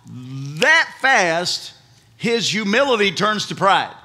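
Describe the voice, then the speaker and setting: Slow, bright-voiced male preacher. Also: high-pitched. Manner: animated, swings between loud emphasis and hushed earnestness. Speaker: pastor. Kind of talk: sermon.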